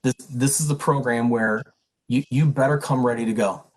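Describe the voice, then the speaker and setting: A middle-aged man with a slightly husky, breathy voice addresses prospective students at an info session. He talks in an earnest, emphatic and direct way, at a mid pitch. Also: steady tone, moderate pace, low-quality recording. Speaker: pre-health program advisor and instructor.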